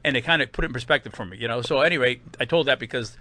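A man's voice: medium pitch, racing, no room sound. A man in his fifties with a Boston accent, a comedian telling rambling stories full of fillers in an interview. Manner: rambling, animated anecdotes with many fillers. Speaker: guest comedian. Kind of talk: casual storytelling interview.

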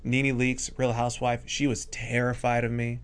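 A stage hypnotist appearing as a guest tells funny stories in a casual chat, animatedly acting out the people in them. His voice is medium-pitched and clean, at a moderate pace.

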